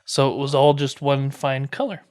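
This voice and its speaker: A man's voice: medium pitch, little pitch movement, moderate pace, a little mellow, no echo, studio quality. A man co-hosting a casual podcast, explaining researched history from his notes and laughing easily. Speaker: podcast co-host presenting research.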